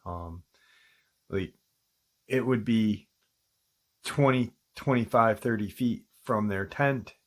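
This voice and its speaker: A man hosting a channel, casually retelling a listener's encounter in a halting way, with frequent ums and restarts. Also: fairly low pitch. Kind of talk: casual spoken storytelling.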